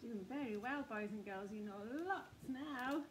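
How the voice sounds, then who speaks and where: A woman teaching a phonics lesson to young children, slow, sing-song and encouraging. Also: on the high side, slight background noise.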